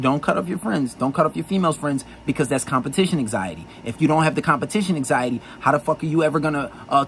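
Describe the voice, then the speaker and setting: A man's voice: a little high, a bit bright, slight background noise, poor audio. A man giving blunt dating advice in a profane, insistent monologue full of repetition.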